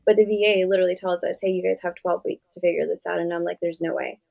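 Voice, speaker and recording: Fast-talking woman therapist, slight fry. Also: on the low side. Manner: animated storyteller acting out client dialogue. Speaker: therapist guest. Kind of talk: casual conversational interview.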